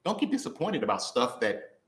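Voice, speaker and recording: A young man giving a conversational sermon, playful and animated, laughing often and acting out quick voices. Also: medium pitch. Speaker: preacher. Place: church hall. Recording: roomy echo.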